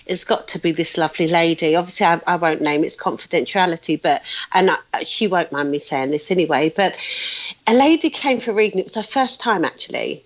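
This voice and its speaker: A woman's voice: on the low side, moderate pace. A British woman in her thirties or older, a psychic guest telling stories in a casual podcast interview, chatty with frequent fillers. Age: 30s or older. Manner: chatty storyteller, laughs often, many fillers. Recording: slightly dull lo-fi audio.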